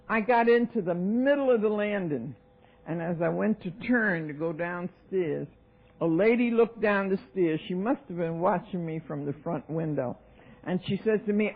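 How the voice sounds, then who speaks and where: A woman's voice: on the low side, normal speed, creaky, breathy edge. A woman in her seventies with a New York accent, telling her recovery story at a meeting, emphatic and acting out voices. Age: 70s. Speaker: AA speaker. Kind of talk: recovery talk, personal story. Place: meeting hall. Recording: tinny lo-fi 1990s tape.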